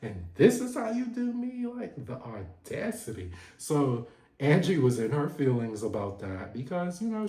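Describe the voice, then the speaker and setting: A man's voice: mid-range voice, a little mellow. A man giving a sassy, playful recap of a reality show in a casual vlog. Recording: echoey room.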